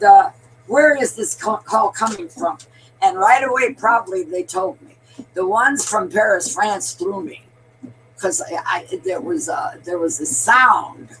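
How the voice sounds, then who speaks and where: A woman's voice: medium pitch, a little hiss or hum, poor audio. An older woman giving a rambling, emphatic political monologue, addressing listeners as her darlings. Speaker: political commentator.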